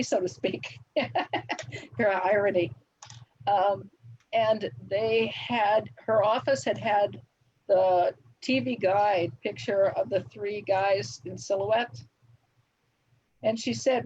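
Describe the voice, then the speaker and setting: An older woman speaks as a guest on a live stream, reminiscing with easy laughs and plenty of ums. Her voice is a little husky. The audio is dull and lo-fi, like a home computer mic. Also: medium pitch, darkish tone. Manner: reminiscing, frequent laughs and fillers. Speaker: guest TV writer. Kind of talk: relaxed anecdotal interview answers.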